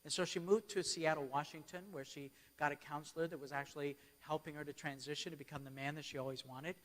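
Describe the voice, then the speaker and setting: A man's voice: a little high, steady tone, fast talker, a bit bright. A man giving a church keynote as a storytelling sermon, often checking in with his audience. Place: church hall. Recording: long hall reverb.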